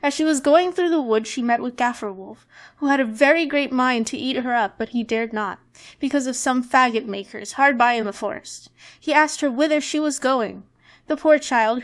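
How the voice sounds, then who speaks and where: A woman's voice: fairly high pitch, normal speed. Woman reading a fairy tale aloud. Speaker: storyteller. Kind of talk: storybook read-aloud.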